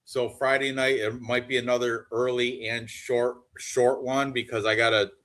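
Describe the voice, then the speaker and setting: A man's voice: medium pitch, little pitch movement, normal speed, fairly bright tone. A man in his fifties co-hosting a sports betting show, rambling casually, laughing often and swearing freely. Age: 50s. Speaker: podcast co-host. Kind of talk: casual chat.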